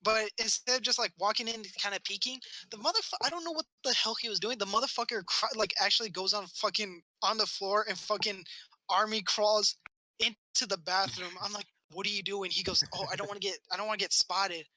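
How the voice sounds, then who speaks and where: A man's voice: sits high, flat delivery, brisk, sharp tone, poor audio. A man on a casual podcast telling a rambling childhood story, swearing often and acting out what people said. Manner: rambling, swears a lot, acts out quotes. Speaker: podcast co-host.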